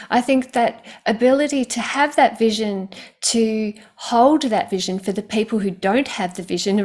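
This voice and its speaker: Encouraging woman interviewer. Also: medium pitch. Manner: warm encouraging interviewer, sums up lessons for listeners.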